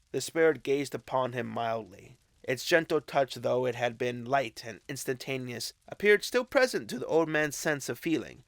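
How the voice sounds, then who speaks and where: A man narrating a classic novel as an audiobook, with expressive, unhurried storytelling. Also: mid-range voice, dry recording. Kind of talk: scripted narration.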